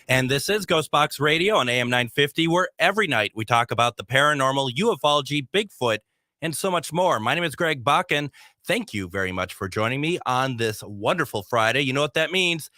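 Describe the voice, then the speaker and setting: A man's voice: mid-range voice, animated, brisk, bright, forceful tone, dry recording. A male host of a paranormal radio show, chatting casually from the studio and rambling with many restarts.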